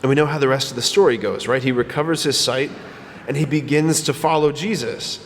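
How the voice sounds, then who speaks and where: A man preaching a sermon as a priest, telling the story with animated retellings and acted-out quotes. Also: mid-range voice, brisk, big-room sound, a little hiss or hum. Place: church.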